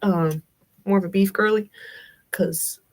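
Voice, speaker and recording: A woman's voice: mid-range voice, steady tone, a little slow, a little hiss or hum. A young adult woman with a Southern US accent, chatting casually with livestream viewers in a rambling, giggly way with lots of fillers. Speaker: livestream host.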